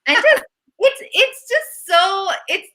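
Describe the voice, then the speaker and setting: A woman co-hosting a casual recap chat, ranting animatedly and mocking people with quick impressions. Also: extremely high pitch, animated, sharp tone. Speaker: podcast co-host.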